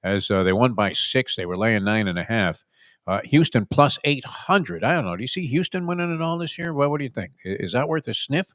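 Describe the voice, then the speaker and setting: A middle-aged man hosts a casual sports talk show, wry and sarcastic, rambling through his points with plenty of fillers. His voice is mid-pitched, and it sits close and dry on a studio mic. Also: expressive, brisk, fairly bright tone, dry recording.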